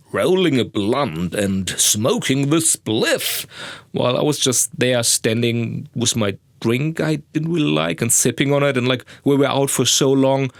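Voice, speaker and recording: A man's voice: mid-range voice, gravelly, no echo, clean studio sound. A young man, a podcast host rambling crudely and mocking himself, recorded in a sound booth. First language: German. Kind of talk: casual monologue.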